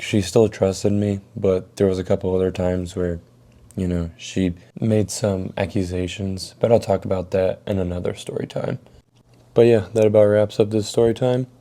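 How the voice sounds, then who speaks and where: A man's voice: on the low side, warm tone. A young man tells a casual storytime vlog in a laid-back, profane way. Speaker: storytime YouTuber.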